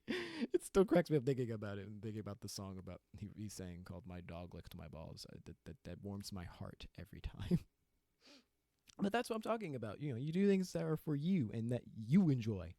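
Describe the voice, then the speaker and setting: A man's voice: lowish voice, huge pitch swings, brisk, mellow, no room sound, studio quality. A young adult man hosting his own podcast, talking candidly and with self-deprecating humor in a solo rant, often breaking into laughter. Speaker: podcast host.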